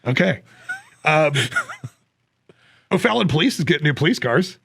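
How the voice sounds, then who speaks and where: A man's voice: a little high, big pitch swings, a little slow, vocal fry, fairly bright tone, husky. A middle-aged man co-hosting a podcast, rambling with lots of fillers and dry jokes. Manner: rambling, joking, many fillers. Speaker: podcast co-host. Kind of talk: casual chat.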